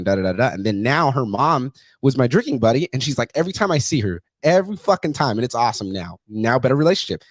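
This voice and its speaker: A man's voice: mid-range voice, animated, fast, few pauses, dry recording. A man in his thirties talking bluntly and profanely about his family in a casual conversation.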